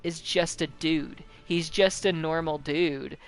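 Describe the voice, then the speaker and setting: A man's voice: fairly high pitch, steady tone, takes it slowly, creaky. A young man chatting casually while gaming, rambling with lots of fillers and frequent swearing. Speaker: gaming channel host.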